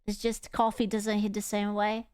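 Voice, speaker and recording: A woman's voice: medium pitch, monotone, moderate pace, darkish tone, smooth, no room sound, clean studio sound. A woman streamer reacting live to a video, playful and teasing with giggly banter.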